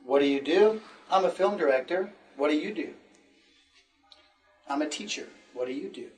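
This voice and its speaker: A man teaching a language lesson, slowly drilling simple questions and answers. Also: fairly high pitch, lively intonation, recorded from a distance, soft background music.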